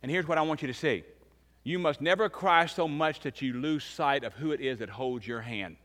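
A man in his fifties preaching a sermon as pastor, emphatic, swinging between loud and hushed. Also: a little high, moderate pace. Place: church sanctuary. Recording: long reverb of a large church hall.

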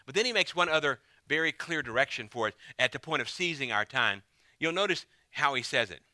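Forceful, bright-toned preacher man. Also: mid-range voice, expressive, brisk, dry recording. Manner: emphatic preaching, repeating key phrases. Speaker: pastor. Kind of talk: sermon.

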